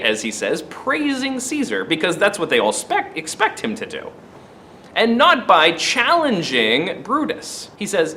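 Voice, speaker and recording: A man teaching a literature lesson, explaining the play in an animated way with wry asides. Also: high-pitched, measured pace, slight background noise.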